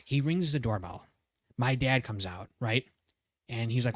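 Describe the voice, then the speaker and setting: A young man co-hosting a podcast, telling a story in a casual, animated way, swearing often and laughing as he goes. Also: mid-range voice, a little fast, dry recording, studio quality. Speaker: podcast co-host.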